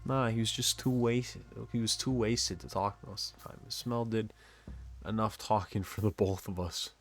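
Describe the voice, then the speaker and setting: A man's voice: on the low side, steady tone, normal speed, natural voice. A man voicing a cheerful, chatty family man in a game, telling long rambling jokes. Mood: gossipy. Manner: rambling jokey storytelling.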